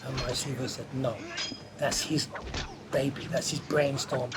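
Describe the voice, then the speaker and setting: A man telling a lively anecdote from his film career in an interview, acting out the quoted voices as he goes. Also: mid-range voice, measured pace, very noisy. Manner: animated anecdote teller who acts out quotes. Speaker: martial artist and film stunt performer. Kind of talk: storytelling in an interview.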